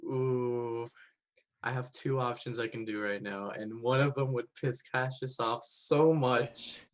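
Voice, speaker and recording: A man playing a tabletop game, excited and scheming, thinking aloud about his next move. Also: mid-range voice, unhurried. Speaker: player. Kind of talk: casual tabletop play.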